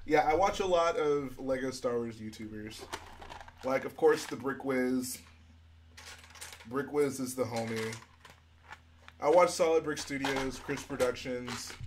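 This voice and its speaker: A relaxed young man chats casually on a live stream while he works on a build. He reads viewer questions aloud and answers them one after another, easygoing and unhurried, at a middle pitch. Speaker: livestream host.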